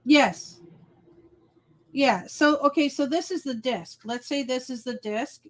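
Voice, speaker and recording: A woman with a fairly high voice co-hosts a relaxed crafting livestream over a video call. She explains patiently and in small steps. She keeps pausing to check that her listener is following. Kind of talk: casual chat.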